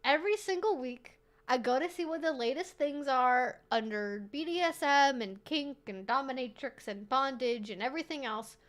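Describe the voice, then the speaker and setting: Chatty high-voiced woman streamer. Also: normal speed. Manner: animated, swearing, rambling with laughs. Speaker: streamer host. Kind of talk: casual live-stream chat.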